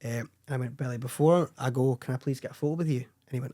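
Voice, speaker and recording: A young Scottish man, a filmmaker guest, telling animated, sweary anecdotes in casual chat and laughing often. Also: medium pitch, fast talker.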